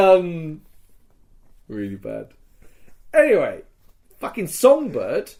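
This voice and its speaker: A male podcast co-host tells a story in a casual, rambling way, swearing as he goes. His voice sits a little on the high side and swings widely, and he bursts into the voices of the people he quotes. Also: takes it slowly, gravelly, pauses often. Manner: animated storyteller, acts out screams and quotes, swears freely. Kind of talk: casual chat, recounting a LARP battle.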